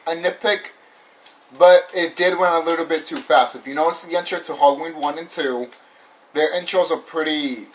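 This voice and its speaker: A young man casually ranting through a movie review, animated and repetitive, swearing often and laughing now and then. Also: on the high side. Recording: voice somewhat far from the mic.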